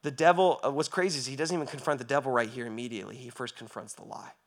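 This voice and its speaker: A male pastor giving a sermon, moving from quiet reflection to loud, impassioned preaching with rhetorical questions asked again and again. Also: mid-range voice, steady tone, very fast. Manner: asks rhetorical questions over and over.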